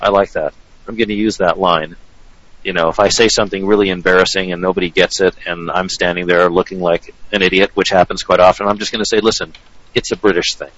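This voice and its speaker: A man's voice: low voice, little pitch movement, fast talker, a bit bright, muffled recording. A man hosting a radio show in a chatty, joking way, often restarting his sentences. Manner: chatty and jokey, with frequent restarts and laughs. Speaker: radio show host, trading educator. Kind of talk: casual radio chat.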